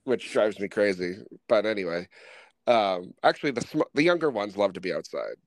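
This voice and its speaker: A middle-aged man with a Northern US accent hosts a casual interview in a fairly low voice. His talk is relaxed and rambling, full of fillers. The recording is dry, with no room sound. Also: moderate pace, no echo. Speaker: podcast host.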